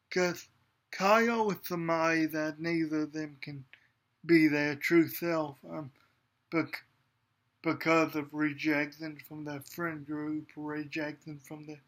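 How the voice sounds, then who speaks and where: Slow, hesitant man reviewing anime. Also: fairly high pitch, level tone, fairly bright tone. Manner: hesitant, many ums and restarts. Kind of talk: casual spoken review.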